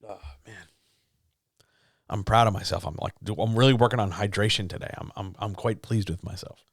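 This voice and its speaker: A chatty, upbeat man hosts a writing livestream, speaking in a slightly low voice. He talks straight to his chat in a casual Q&A. The sound is dry and close on a podcast mic. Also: brisk, no echo. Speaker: writing coach and chat host. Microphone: studio podcast mic.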